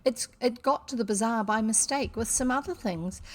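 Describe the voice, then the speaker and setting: A woman's voice: on the high side, normal speed, natural voice. A woman voicing an earnest young girl who speaks soothingly and tries to keep the peace.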